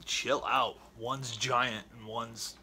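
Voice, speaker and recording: A man's voice: mid-range voice, level tone, takes it slowly, crowd noise. A man talking casually to his viewers in a vlog, rambling and stumbling over repeated words as he goes. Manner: chatty, talking straight to viewers. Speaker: vlogger.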